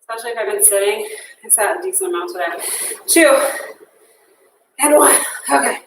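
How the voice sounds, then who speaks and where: A woman's voice: on the high side, lively intonation, moderate pace, noisy background. A young woman leading an interval workout, counting down and cheering people on while out of breath. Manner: upbeat cueing, counting down and cheering on. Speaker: fitness instructor. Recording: echoey room, mic far off.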